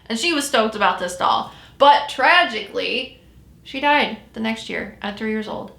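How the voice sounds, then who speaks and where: A woman tells a story in a loose, conversational way and often stops to correct herself. Her voice is bright and forward. The sound carries noticeable room echo. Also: on the high side, animated, normal speed, creaky. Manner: chatty, self-correcting storyteller. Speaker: podcast host. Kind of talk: casual storytelling chat.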